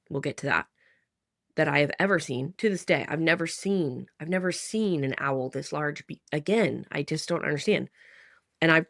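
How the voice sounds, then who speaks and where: Woman, 30s, vlogger; gravelly fry, dry close sound, rambling conversational storytelling. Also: sits low, dry recording. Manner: chatty, full of "like", restarts and sighs. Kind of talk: personal storytelling to camera.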